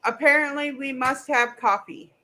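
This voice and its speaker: Bright-voiced blunt middle-aged woman. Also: high voice, steady tone, normal speed, poor audio. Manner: blunt, goofy, swears freely. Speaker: streamer and co-host. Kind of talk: casual livestream chat.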